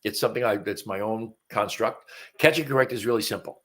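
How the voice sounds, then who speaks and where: A man's voice: lowish voice, brisk, a bit bright. A man in his seventies hosting a live stream, talking in an earnest, folksy way with fillers and restarts, a bit sniffly from allergies. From North Carolina. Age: 70s. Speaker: host. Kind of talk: casual talk on a live stream. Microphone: webcam live stream.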